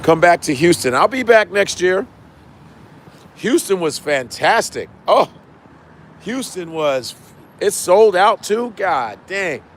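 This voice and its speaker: His high, sing-song voice moves at a slow pace with frequent pauses, sounding a bit bright over a little hiss or hum. He's an American comedian hosting his own livestream, chatting loosely with viewers, swearing, and repeating lines for emphasis.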